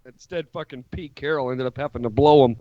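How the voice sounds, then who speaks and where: A man's voice: medium pitch, fairly quick, no echo, highs cut off. A man co-hosting a casual comedic podcast chat, setting up jokes with dry asides. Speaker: podcast co-host.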